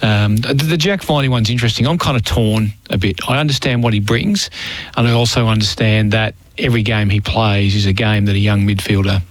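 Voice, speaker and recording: Man, Australian accent, football pundit, measured, low pitch. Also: dry recording. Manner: measured, analytical. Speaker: football commentator. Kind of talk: sports radio chat.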